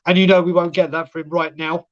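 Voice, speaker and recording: A man's voice: a little high, level tone, quick pace, muffled recording. A man co-hosting a live football fan stream, ranting sarcastically and swearing.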